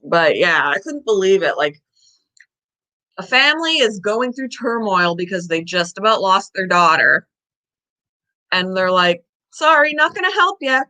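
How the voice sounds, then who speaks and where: A woman's voice: lowish voice, expressive, measured pace, pauses often, bright, forceful tone, poor audio. A woman vlogger chatting casually to the camera, telling a long story in a rambling way and sometimes out of breath. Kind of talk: casual chat.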